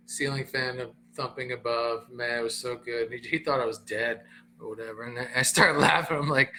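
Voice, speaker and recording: Male comedian host, middle-aged, bright tone, animated storytelling with a faint hum behind. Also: medium pitch, moderate pace. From Southern Florida. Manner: animated, acts out quoted voices, frequent laughter. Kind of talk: casual storytelling on a livestream.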